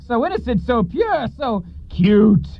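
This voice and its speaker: A man playing a fussy, squeaky studio boss. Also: big pitch swings, measured pace, exaggerated voice. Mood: salesy. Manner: exasperated, wheedling. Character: flustered male studio boss, fussy and exasperated. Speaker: studio owner. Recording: dull lo-fi recording.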